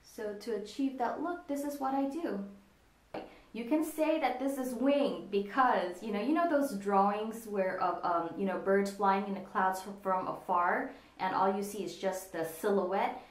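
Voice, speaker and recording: A woman walks through a casual makeup tutorial, explaining each step as she works on herself. She speaks into a computer camera at her desk, and her voice carries a noticeable room echo. Her pitch sits in an ordinary middle range. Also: unhurried. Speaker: makeup vlogger. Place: indoors at a desk with a monitor. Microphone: computer camera in front of her. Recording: echoey room.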